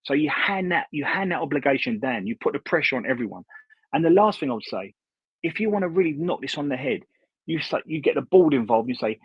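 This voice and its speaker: A man's voice: mid-range voice, lively intonation, quick pace, breathy edge, no room sound. A man co-hosting a podcast, laying out his argument point by point in casual chat. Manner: earnest, lays out arguments point by point. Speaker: podcast co-host. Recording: dull, lo-fi remote mic.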